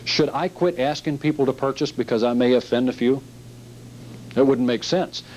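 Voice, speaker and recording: A man's voice: medium pitch, moderate pace, a little mellow, a little hiss or hum, rough recording. Emphatic man giving a sales training talk. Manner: emphatic and repetitive, acting out scenes.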